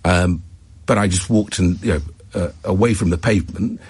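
A man answering in a broadcast interview, hesitant and halting. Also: deep voice, a little mellow, breathy edge, no room sound. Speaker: politician interviewee.

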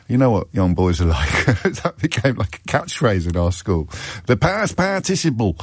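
A man's voice: medium pitch, darkish tone, no echo. A male phone-in radio host in a studio, musing aloud with lots of stammered restarts. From England. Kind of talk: casual radio talk. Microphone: studio mic.

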